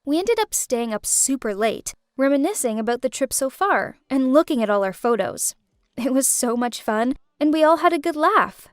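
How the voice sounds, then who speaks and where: Young woman narrating a storytime, high voice, swoopy and dramatic, dry close sound. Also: normal speed, dry recording. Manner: animated, dramatic. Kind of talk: first-person storytime narration.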